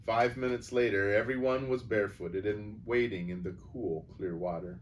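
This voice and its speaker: A man calmly reading a children's novel aloud as storyteller. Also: fairly low pitch, normal speed. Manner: calm, even storybook reading. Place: church setting. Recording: distant mic, faint background noise.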